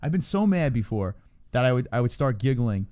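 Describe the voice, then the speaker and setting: A young man chatting on a livestream in a loose, profane way. He laughs easily and flips into a high voice whenever he quotes someone. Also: big pitch swings, brisk, dark tone, clean tone. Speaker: livestream co-host. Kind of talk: casual livestream chat.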